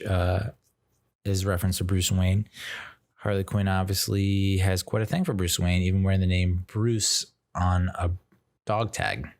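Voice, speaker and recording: Low-voiced man rambling about movies. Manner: rambling, filler-heavy, self-interrupting. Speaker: podcast host reviewing movies. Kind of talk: casual rambling commentary.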